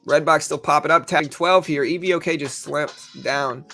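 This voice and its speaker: Young man, trading stream host, quick casual commentary, gravelly voice. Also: fairly high pitch, sharp tone, soft background music. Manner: fast, chatty, gravelly delivery with quick ad reads. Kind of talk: live market commentary.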